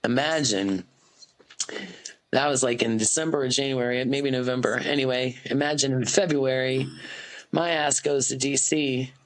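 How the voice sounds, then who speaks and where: A U.S. woman in her forties, an activist appearing as a podcast guest, speaks candidly and earnestly in an interview from an indoor office, with plenty of fillers and restarts. Her voice is extremely low with fairly even intonation at a moderate pace, and the recording is rough.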